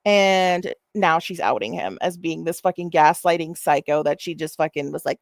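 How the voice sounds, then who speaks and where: A woman's voice: on the low side, animated, moderate pace, vocal fry, few pauses, a little mellow, no room sound, clean studio sound. A woman hosting a casual stream, talking in a profane, mocking, rambling way with lots of fillers. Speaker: host.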